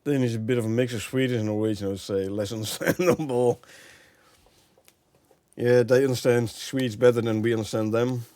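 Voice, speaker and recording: A man's voice: medium pitch, fairly even intonation, a little fast, warm tone, no echo. A man from the Netherlands with a Dutch accent, streaming a game and chatting with viewers, thinking aloud and laughing often. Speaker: gameplay streamer. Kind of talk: casual live-stream commentary.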